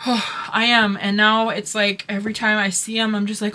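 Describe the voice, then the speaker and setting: A woman's voice: medium pitch, flat delivery, normal speed, sharp tone. Gushing chatty woman craft vlogger. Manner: gushing, rambling, many fillers and restarts. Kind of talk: casual haul chat.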